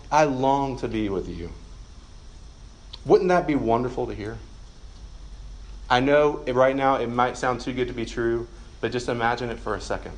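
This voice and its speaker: A man preaching to college students as a campus minister, earnest and conversational, speaking in a meeting room. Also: medium pitch. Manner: earnest and conversational, drops to soft prayer.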